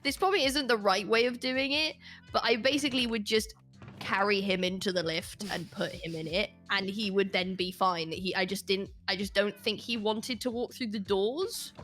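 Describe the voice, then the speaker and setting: A woman in casual chat, animated and laughing as she acts out people in her stories. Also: medium pitch, moderate pace, faint music behind. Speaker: guest.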